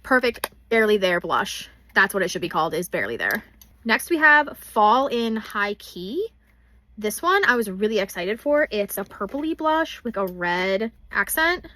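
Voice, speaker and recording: A woman's voice: medium pitch, very animated, normal speed, pushed and bright. A young woman chatting casually as she swatches makeup in a vlog, gushing over products. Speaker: beauty vlogger.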